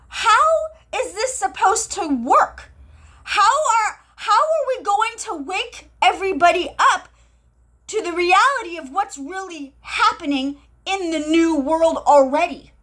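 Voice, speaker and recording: A woman who hosts a spiritual channel talks to viewers on a live stream, her voice high and her pace slow. She's excited and breathless, repeats herself, and tells stories using quoted dialogue.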